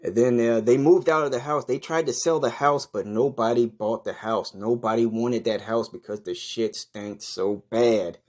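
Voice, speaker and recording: A man narrating a comic story in a profane, deadpan way. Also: medium pitch, normal speed, hardly any pauses. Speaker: comedian narrating a skit.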